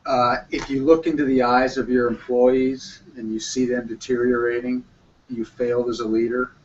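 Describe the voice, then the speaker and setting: A man's voice: mid-range voice, flat delivery, normal speed, a little mellow. A man in a group discussion, reflecting hesitantly on a lesson he took away. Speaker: group member. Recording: distant, dull, faint room noise.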